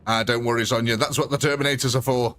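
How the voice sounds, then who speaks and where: A livestream host commentates his gameplay, chatting casually, joking and reading out viewer names over game music. He talks fast in a mid-range, fairly bright voice with fairly even intonation, and there's a little hiss or hum.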